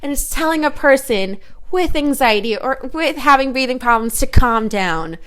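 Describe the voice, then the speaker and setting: A woman therapist chatting on a comedy podcast, animated and rambling, laughing often. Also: high-pitched, moderate pace, clear, resonant tone. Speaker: therapist guest. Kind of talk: casual podcast chat.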